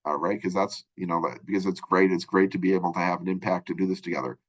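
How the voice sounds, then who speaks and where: A man's voice: sits low, fairly even intonation, fast, hardly any pauses, muffled recording. A male college instructor giving a recorded lecture, explaining in a rambling way with many fillers and restarts.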